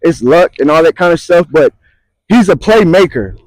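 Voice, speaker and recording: A man's voice: a little high, expressive, normal speed, no echo, poor audio. A man co-hosting casual sports talk, emphatic and slangy, often repeating himself. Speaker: sports podcast co-host.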